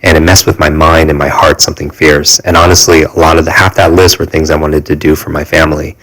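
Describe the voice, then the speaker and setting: A man in his forties, a podcast guest, telling a personal story earnestly, halting often with fillers and restarts. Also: very deep voice, little pitch movement, a bit bright, a little hiss or hum, poor audio.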